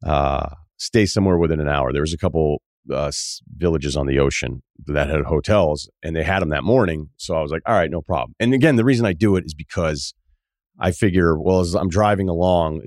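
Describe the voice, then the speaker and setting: Low-voiced man telling a travel story. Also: brisk, dry recording, studio quality. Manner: animated, acts out quoted dialogue in shifting voices. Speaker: podcast host. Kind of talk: casual storytelling monologue.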